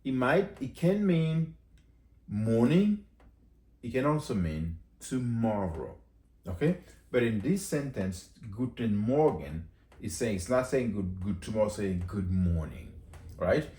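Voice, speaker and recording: A man giving a casual language lesson, chatty, saying phrases again slowly for learners. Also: lowish voice, very animated, warm tone, roomy sound. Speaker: language teacher.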